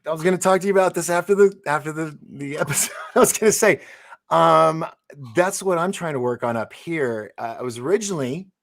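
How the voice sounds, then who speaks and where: Animated storytelling male talk-show host. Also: fairly high pitch, brisk, creaky. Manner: animated storyteller, laughs and restarts often. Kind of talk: casual live interview chat.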